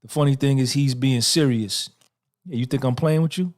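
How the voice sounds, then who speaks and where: A man's voice: medium pitch, normal speed, a little mellow. A man in his fifties hosting a livestream podcast, talking to his chat in a boastful, profane, streetwise way. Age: 50s. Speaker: podcast host. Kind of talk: boastful casual livestream talk, answering chat.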